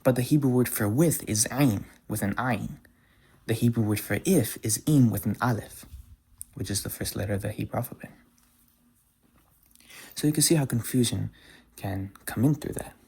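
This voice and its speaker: Male language teacher, slightly low and husky, patient and methodical. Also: darkish tone. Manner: patient, repeats example words slowly. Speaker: Hebrew pronunciation teacher. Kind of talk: explanatory lesson.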